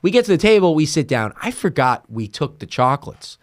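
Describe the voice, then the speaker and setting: A man's voice: a little high, brisk, no room sound, studio quality. A young man hosting a podcast, telling a story in casual chat and acting out the voices of the people in it. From United States. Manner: animated, acts out quoted voices, laughing. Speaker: podcast host.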